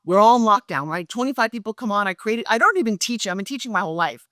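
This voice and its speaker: Brief: middle-aged woman guest, lively storyteller, mid pitch, dry close sound. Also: quick pace, no echo. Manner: acts out quoted dialogue with lively pitch jumps. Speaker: guest, pitch expert and speaker. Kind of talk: animated storytelling interview.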